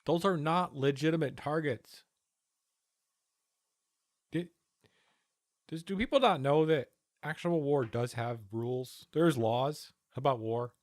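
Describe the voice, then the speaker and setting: A man's voice: a little high, slow pace, long pauses, no room sound, studio quality. A man streaming from home, giving casual, profane, sarcastic commentary as he reacts to a news panel. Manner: profane, sarcastic, talks over the clip.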